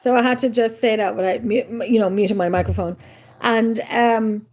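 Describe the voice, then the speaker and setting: A woman's voice: on the high side, fairly even intonation, moderate pace, darkish tone. A woman co-hosting a casual online chat, telling stories in a rambling, exclamatory way over a video call. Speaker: co-host. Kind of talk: casual chat on a live stream.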